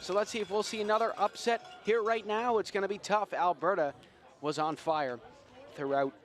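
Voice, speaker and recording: A man from Nova Scotia, Canada, giving relaxed, chatty colour commentary on a live rugby match. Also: sits high, moderate pace, faint music behind. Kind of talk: live sports analysis.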